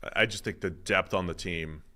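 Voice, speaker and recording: A man's voice: deep voice, normal speed. A man co-hosting a sports podcast, chatting casually and animatedly, sometimes mocking other pundits. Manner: animated, mocking impressions of radio hosts. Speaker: podcast co-host.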